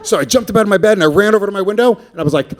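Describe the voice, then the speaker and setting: A man's voice: high voice, rapid-fire, very noisy. A man in his thirties doing a brash, profane stand-up comedy set with crowd work on a stage mic. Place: comedy stage before a live audience. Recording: live crowd laughter.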